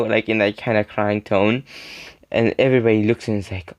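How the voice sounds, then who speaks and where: A man's voice: lowish voice, steady tone, brisk. A young man telling a casual story to the camera in a rambling way, full of fillers and laughing between sentences. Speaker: storytime video creator.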